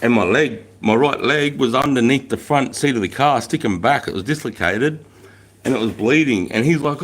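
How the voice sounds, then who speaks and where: The livestream host, an Australian in his forties, has a medium-pitched, fairly bright voice and a brisk pace. He chats with viewers and reads their comments while telling blunt, profane stories full of slang.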